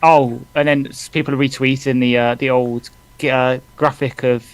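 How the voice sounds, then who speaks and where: A man co-hosting a live fan stream, reading out stats in a halting way with fillers. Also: medium pitch, level tone, smooth, no echo. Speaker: fan podcast co-host. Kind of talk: casual live watch-along chat.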